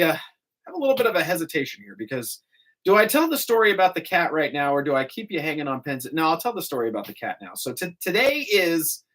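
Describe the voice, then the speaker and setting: On a morning radio show, a man speaks into a studio mic with a lively, swooping pitch. He chats casually and spins stories packed with quick asides, coming across as a chatty, animated storyteller.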